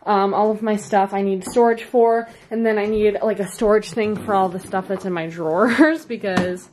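A woman's voice: mid-range voice, steady tone, normal speed, darkish tone, slight background noise. A young woman in her twenties chatting casually to camera in a home vlog, rambling with lots of ums and little laughs. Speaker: vlogger. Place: home office.

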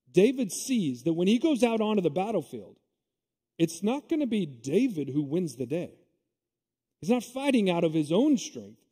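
Preacher with a dark tone in a reverberant hall. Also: male voice, high voice, slightly rough. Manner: conversational, emphatic preaching with asides. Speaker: pastor. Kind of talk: sermon. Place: church sanctuary. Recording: long reverb of a church hall.

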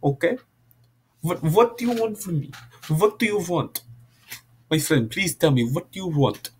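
A man's voice: on the high side, big pitch swings, measured pace, a little hiss or hum, pitched above the performer's own voice. A man voicing an exasperated, defensive man in a put-on Indian accent, who keeps repeating a friendly form of address.

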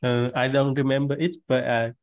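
A man's voice: medium pitch, little pitch movement, normal speed, no room sound. A man from Vietnam with a Vietnamese accent, a student speaking hesitantly and repeating words in an online English lesson.

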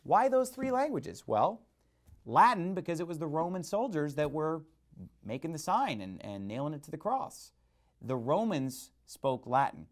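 A man's voice: a little high, big pitch swings, moderate pace. A male pastor preaching a sermon emphatically, asking and answering rhetorical questions.

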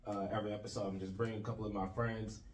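A man's voice: on the low side, flat delivery, very fast, slight background noise. A man hosting a podcast, talking in a laid-back, slangy way. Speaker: podcast host. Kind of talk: casual podcast chat. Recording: echoey room, mic at a distance.

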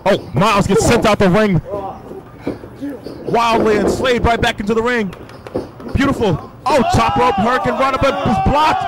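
Male wrestling play-by-play announcer with a very high voice, shouty and excitable, buried in loud noise. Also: normal speed, long pauses. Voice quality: excitable, often shouting exclamations. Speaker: wrestling commentator. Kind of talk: live play-by-play commentary.

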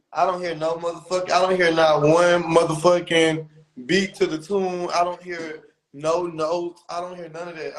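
A man's voice: fairly high pitch, low-quality recording. A young man in a comedic, profanity-heavy rant, with exaggerated mocking impressions.

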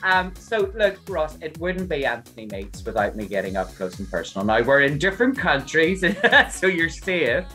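Bright-voiced playful male interview host. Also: fairly high pitch, very animated, moderate pace, hardly any pauses, faint music behind. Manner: playful, teasing. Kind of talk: casual interview chat. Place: remote call from another country than the guest.

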